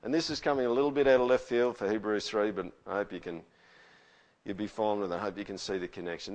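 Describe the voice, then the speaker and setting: A man's voice: lowish voice, quick pace. A man preaching a conversational sermon, often asking the listeners questions. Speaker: pastor.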